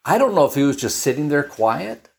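A man's voice: on the high side, big pitch swings, a little fast, gravelly. A man preaching in a chatty, storytelling way, often restarting and adding asides as he explains a Bible passage. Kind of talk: conversational Bible teaching.

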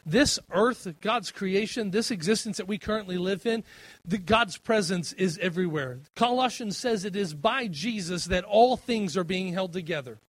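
A middle-aged man preaches a sermon with a fairly high voice. He swells with passion when quoting scripture, then eases into a casual, filler-laced way of talking. The sound is dry and close. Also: normal speed, no echo. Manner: impassioned, rising in pitch and volume on scripture, with fillers and restarts. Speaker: pastor.

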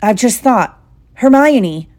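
A woman voicing a brave young schoolboy who speaks urgently and low. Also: expressive, takes it slowly, darkish tone.

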